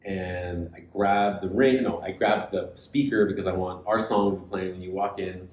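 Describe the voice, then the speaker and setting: A man co-hosting a podcast, retelling a story in casual chat and acting out the other people's lines. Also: normal speed. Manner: animated retelling, acts out quoted voices. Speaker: podcast co-host. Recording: echoey room with faint rumble.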